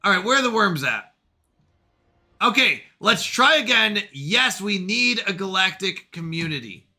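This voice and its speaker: Animated, bright-voiced man gaming. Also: high-pitched, unhurried. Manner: animated, scolds himself over mistakes. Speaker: game streamer. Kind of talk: let's play commentary.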